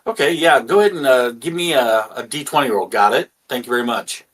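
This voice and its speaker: A man's voice: medium pitch, fairly quick, fairly bright tone, poor audio. Rambling man running a tabletop game. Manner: rambling, filler-heavy, restarts often. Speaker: dungeon master.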